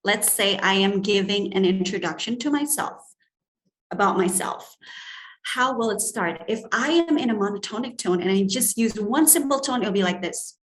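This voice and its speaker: A woman's voice: mid-range voice, moderate pace, fairly bright tone, echoey room. A woman from Indonesia, giving a lecture on speaking skills and shifting her tone to demonstrate examples. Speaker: etiquette trainer and guest lecturer.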